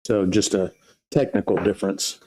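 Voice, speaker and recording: A man's voice: low-pitched, steady tone, moderate pace, dark tone, rough recording. A man co-hosting a casual livestream, reading viewer questions aloud and explaining distilling in plain terms. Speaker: livestream co-host.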